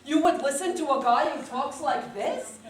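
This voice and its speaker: A woman's voice: high-pitched, moderate pace, close to an everyday voice. A woman playing Jesus as a money-minded, wisecracking carpenter in an amateur comedy play, who swings from pious preaching to haggling. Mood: schmoozing. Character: schmoozing Yiddish-talking carpenter Jesus, male, money-minded. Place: synagogue stage. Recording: echoey hall.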